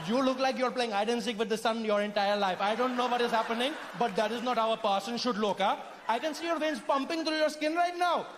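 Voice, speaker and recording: A man's voice: very high-pitched, fast talker, hardly any pauses, in a large hall, background noise, pitched above the performer's own voice. A man playing an unimpressed man, blunt and teasing. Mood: mocking.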